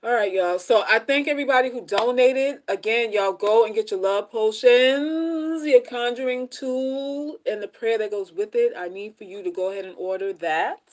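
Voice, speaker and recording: A woman hosts a casual relationship-advice stream at a moderate pace with few pauses. Speaking right to her audience, she repeats herself, drops into soft asides, then rises into loud, high bursts.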